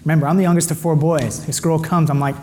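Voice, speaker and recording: Animated high-voiced man telling his story. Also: fast talker, a little hiss or hum. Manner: animated, jumps high when excited, acts out dialogue. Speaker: speaker giving a personal testimony.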